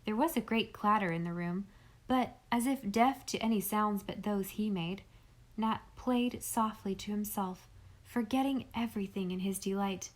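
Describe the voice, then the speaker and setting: A woman reading a classic novel aloud as an audiobook narrator, with gentle, even storytelling. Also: mid-range voice, moderate pace. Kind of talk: scripted narration.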